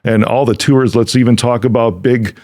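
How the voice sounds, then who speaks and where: A man's voice: mid-range voice, fairly even intonation, moderate pace, darkish tone. A man hosting a podcast interview, chatting casually and enthusiastically into a studio mic, with loose restarts. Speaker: podcast host. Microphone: studio dynamic mic.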